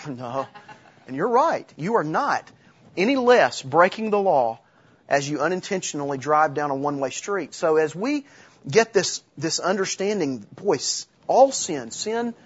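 Delivering a sermon in a casual, conversational way, this middle-aged pastor has a husky voice pitched slightly high. He restarts himself and slips in light humor, on a dull, lo-fi recording.

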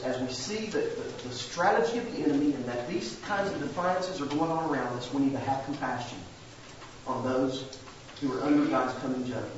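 A man's voice: medium pitch, a little hiss or hum. A man preaching a sermon as a pastor, earnest and plain-spoken, with homey asides. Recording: very echoey church sanctuary, distant mic, dull.

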